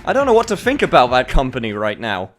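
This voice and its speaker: Male gamer, animated voice, excitable commentary, faint game music behind. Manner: excitable, enthusiastic, quick shifts in pitch. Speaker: streamer. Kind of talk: casual gameplay commentary.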